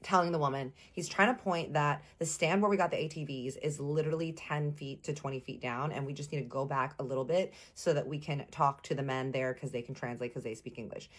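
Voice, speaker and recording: Woman, low pitch, casual storyteller, chatty and animated. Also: brisk, hardly any pauses. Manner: animated, acts out quotes, addresses listeners as y'all.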